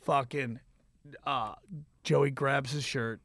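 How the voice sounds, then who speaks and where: Wry podcast host with a dry voice. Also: male voice, mid-range voice, fairly even intonation, slow pace, fairly bright tone, no room sound. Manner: loose, profane, wry. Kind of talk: casual podcast chat.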